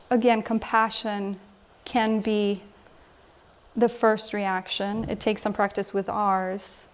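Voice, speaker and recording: A woman with a middle-pitched voice leads a lecture as an emotional health coach. She talks to a live group in a room and keeps drawing them in with questions. Her delivery is conversational rather than scripted. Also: level tone, slow pace, a little hiss or hum. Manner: engaging, asks the audience questions. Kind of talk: lecture with audience exchange.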